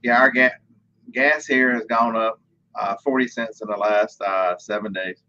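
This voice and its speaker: A man calls into a livestream as its co-host and chats casually. He pauses often on fillers, and his voice comes through a dull, lo-fi call line. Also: lowish voice, fairly even intonation, bright, forceful tone. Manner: easygoing, halting with fillers.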